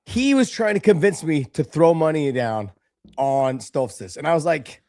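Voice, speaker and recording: A man's voice: on the high side, very animated, a little fast, a little mellow, no echo, clean studio sound. A man hosting a sports podcast, telling loose, rambling stories in casual chat. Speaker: podcast host.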